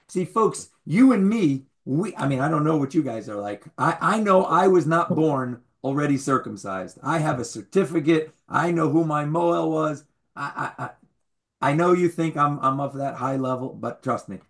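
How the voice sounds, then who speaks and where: A man's voice: fairly high pitch, fairly bright tone. A man teaching a Torah class to a live group, quizzing his listeners, repeating key words and adding wry humorous asides.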